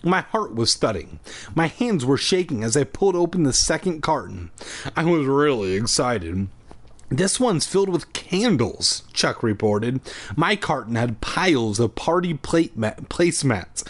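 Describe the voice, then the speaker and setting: A man hosting a podcast, reading a spooky children's book aloud with irreverent, profane comic asides. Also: medium pitch.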